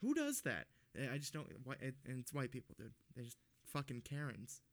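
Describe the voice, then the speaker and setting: A man co-hosting a casual podcast, ranting and swearing as he tells a story. He sounds heated and worked up, with an ordinary middle-pitched voice. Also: huge pitch swings, normal speed. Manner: profane, ranting storyteller with laughs. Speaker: podcast co-host.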